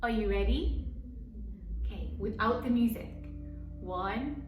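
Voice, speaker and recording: A woman teaching young children at circle time, gently encouraging them and slowly singing and counting along. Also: medium pitch, music in the background. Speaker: preschool teacher. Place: home room, live stream. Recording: echoey room.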